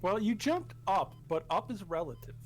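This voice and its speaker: A man's voice: high-pitched, sing-song, normal speed, faint music behind. A man co-hosting a game stream, making dry joking remarks and reading chat aloud. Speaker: co-host. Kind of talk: casual stream banter. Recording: noisy stream audio.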